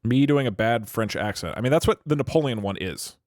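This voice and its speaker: A man's voice: mid-range voice, animated, fairly quick, dry recording, clean studio sound. A man streaming live, chatting casually and thinking aloud with frequent restarts.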